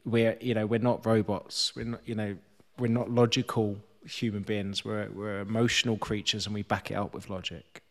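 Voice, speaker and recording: Thoughtful man, slightly low voice. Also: little pitch movement, normal speed. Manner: thoughtful, self-deprecating, casual swearing. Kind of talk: candid conversational podcast talk.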